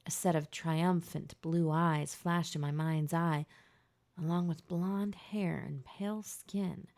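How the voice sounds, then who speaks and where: A woman narrating a first-person audiobook in a hushed, tense, emotional way. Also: deep voice, steady tone, slow pace.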